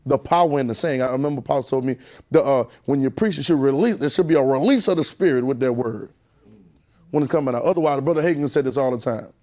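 A male preacher delivering a sermon, chatting with the congregation in folksy asides and building up in pitch and volume as he drives his points home. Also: fast talker, dark tone.

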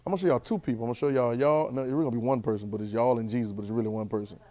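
A man teaching a Bible class in a sermon style, animated, with constant call-and-response checks of his listeners. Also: medium pitch, very fast. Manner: repetitive call-and-response, keeps asking "right?"; animated, swings loud and soft.

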